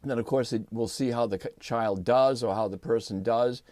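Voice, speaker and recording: A man's voice: medium pitch, a little fast, no echo. Older man casually reviewing a guitar. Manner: relaxed, chatty, explains as he goes. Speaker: guitar reviewer and channel host. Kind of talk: casual product review and demo.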